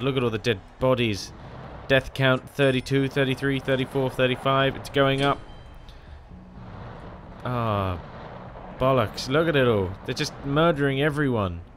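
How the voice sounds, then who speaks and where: A man talking through a video game in a loose, chatty way, quick to exclaim and poke fun at himself. His voice sits at a middling pitch. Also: a bit bright, a little hiss or hum. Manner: chatty and self-deprecating, often exclaiming. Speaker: gaming channel host. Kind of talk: casual game commentary.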